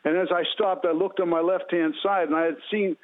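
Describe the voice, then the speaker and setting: Over a tinny phone line, a caller shares an earnest personal testimony, repeating phrases as the story builds. His voice sits high, with a steady tone and a fairly quick pace.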